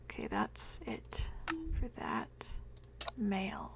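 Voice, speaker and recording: A woman casually playing a game and reading its texts aloud, often half-whispering. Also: drawn-out words. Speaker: game player. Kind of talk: casual let's-play commentary.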